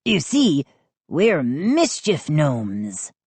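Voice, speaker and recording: A woman's voice: deep voice, huge pitch swings, drawn-out words, a little mellow, slightly rough, no room sound, heavily acted. A woman voicing a cheeky mischief gnome who insists on his point again and again. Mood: insistent. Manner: repeats himself, matter-of-fact.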